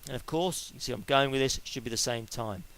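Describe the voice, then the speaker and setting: A man's voice: mid-range voice, fast talker, fairly bright tone, poor audio. A middle-aged man giving an informal lecture on sport psychology, chatty and explaining step by step with everyday examples.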